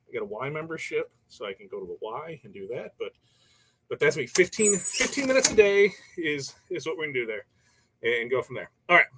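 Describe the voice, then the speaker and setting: A man's voice: fairly high pitch, pushed and bright, breathy edge, rough recording. A man hosting a casual livestream from his workshop, rambling through viewer comments and stories with frequent laughs. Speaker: livestream host. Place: workshop while pressing shirts.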